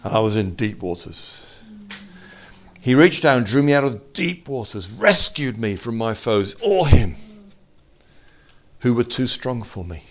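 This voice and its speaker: A man preaching an informal sermon to a small fellowship, swinging from quiet asides to loud exhortation. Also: mid-range voice, very animated, measured pace.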